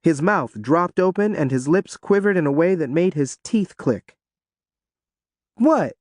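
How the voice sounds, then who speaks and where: This audiobook narrator is a man with a somewhat high voice who reads in an expressive, storytelling style at a moderate pace. It's a clean studio recording with no audible room.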